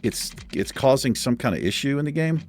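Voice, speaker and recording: A man's voice: mid-range voice, expressive, a little fast. A man hosting a let's play, talking through his building with joking, self-deprecating asides and frequent chuckles. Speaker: gaming channel host.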